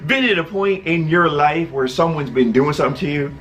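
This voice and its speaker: A man's voice: on the high side, a little fast, a bit bright, a little hiss or hum. A man casually telling a personal story, laughing often and acting out other people's voices.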